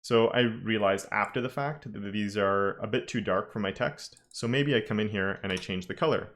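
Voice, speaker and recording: A man's voice: lowish voice, normal speed, fairly bright tone. A man teaching a live-streamed coding lesson, talking casually and thinking aloud with frequent self-corrections. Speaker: web development instructor.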